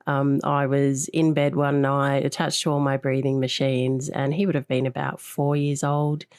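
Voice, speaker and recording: A woman hosting a podcast interview, talking in an earnest, reflective way that is sometimes halting. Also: a bass voice, level tone, darkish tone, clear, resonant tone, dry recording. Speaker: podcast host. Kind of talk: conversational interview.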